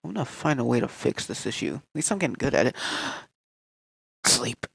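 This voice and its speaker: Gravelly, goofy gamer guy. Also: mid-range voice, big pitch swings, racing, no room sound. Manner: rambling, swearing, goofy. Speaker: let's player. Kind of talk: casual gameplay commentary.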